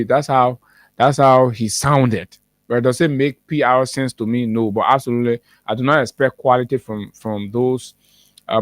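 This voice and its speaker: A man's voice: mid-range voice, no room sound. A man with a Liberian English accent hosting a morning show, delivering heated political commentary with many fillers and restarts.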